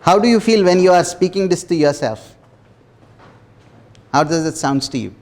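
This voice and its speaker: A man leading a small self-development workshop, talking earnestly with repeated phrases and soft laughs. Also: high-pitched, lively intonation, normal speed, a little hiss or hum. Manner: earnest, repetitive, laughs softly between phrases. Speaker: workshop facilitator. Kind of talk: motivational workshop talk.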